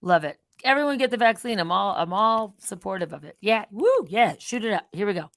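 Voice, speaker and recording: A middle-aged woman hosting her own vlog, talking in a mocking, sarcastic, animated way. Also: medium pitch, a little fast, no echo, low-quality recording. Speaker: channel host.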